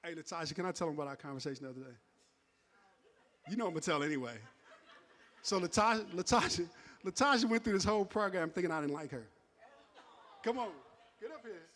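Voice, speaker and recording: A man's voice: high voice, expressive, fast talker, pauses often, a bit bright. A man acting as emcee at a live graduation event, teasing the graduates and laughing often as he hands out awards. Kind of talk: joking live event banter. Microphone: handheld wireless mic.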